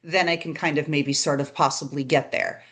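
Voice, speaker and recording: A woman's voice: deep voice, fairly even intonation, normal speed, a bit bright. A woman hosting a podcast, talking in a conversational, reflective way and often tagging her points with "right?". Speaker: podcast host. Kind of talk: casual interview chat.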